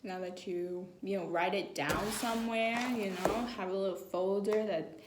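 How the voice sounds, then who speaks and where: A woman's voice: medium pitch, moderate pace, background noise. A woman giving casual, encouraging singing tips to viewers in a chatty, rambling way. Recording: echoey room.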